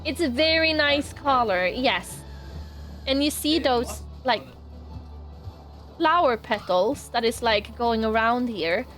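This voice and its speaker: A woman's voice: fairly high pitch, expressive, slow pace, long pauses, a bit bright, faint music behind. A woman streaming a game live, chatting casually, emotional and laughing, close to tears, with frequent swearing.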